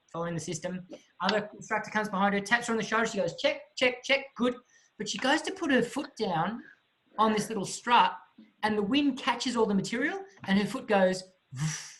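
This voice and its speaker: A man giving a motivational talk, telling a story in an animated way with vivid sound effects. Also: high voice, low-quality recording. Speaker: motivational speaker.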